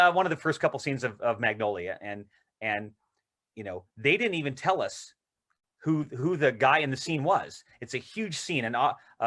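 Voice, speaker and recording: A male actor, interviewed as a guest, telling rambling, excited anecdotes in casual conversation. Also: medium pitch.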